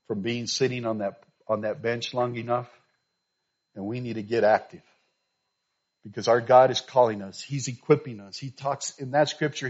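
A man preaching in a church, telling a story and then pushing his point home with sudden loud, emphatic bursts. His voice sits at a middle pitch, and the recording sounds a little dull and lo-fi. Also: slightly rough. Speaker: pastor. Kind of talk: sermon. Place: church sanctuary.

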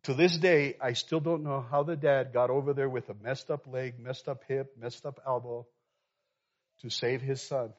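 Lo-fi pastor preaching a story. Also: male voice, medium pitch, normal speed. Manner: animated, builds from soft to loud while telling a story. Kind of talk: sermon storytelling. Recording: dull lo-fi sound.

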